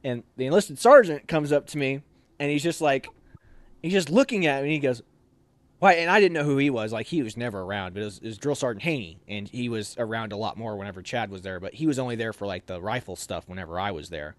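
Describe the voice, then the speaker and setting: A man's voice: mid-range voice, fast, no room sound. A young adult man casually telling a story, acting out the voices of people he quotes. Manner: animated, acts out quoted voices.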